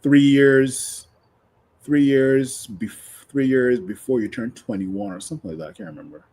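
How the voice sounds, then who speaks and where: A man on a fan panel in casual chat over a video call, speaking hesitantly and filling pauses with "um". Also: medium pitch, a little mellow.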